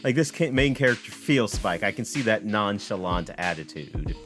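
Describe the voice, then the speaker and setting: A low-voiced man talks through a game demo in rambling, self-correcting let's play commentary. His pitch swings widely as he reacts. Faint game music plays underneath. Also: expressive, normal speed. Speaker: game developer playing a demo.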